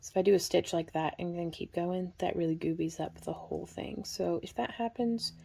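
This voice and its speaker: Gravelly-voiced woman teaching a craft. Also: on the low side, brisk, a little hiss or hum. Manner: relaxed, chatty, counts stitches aloud. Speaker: craft instructor. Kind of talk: hands-on craft tutorial.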